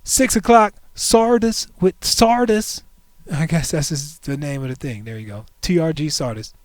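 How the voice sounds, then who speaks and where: Stream host, man in his 40s, higher pitch, playful and joking, dry close sound. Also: moderate pace, no room sound. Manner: playful, joking, animated asides to chat. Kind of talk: casual livestream chat.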